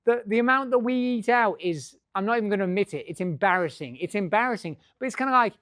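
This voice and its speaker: A man's voice: high-pitched, quick pace, hardly any pauses, fairly bright tone, no echo, studio quality. Blunt, sweary man on stage. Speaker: business speaker. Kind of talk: live talk to an audience. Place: room with a live audience.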